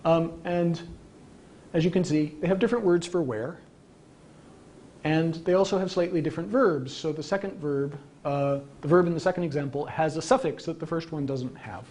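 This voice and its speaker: A man's voice: moderate pace, darkish tone. A man giving a conversational public lecture from slides, with frequent ums and casual asides. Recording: archival local-TV lecture tape, faint rumble.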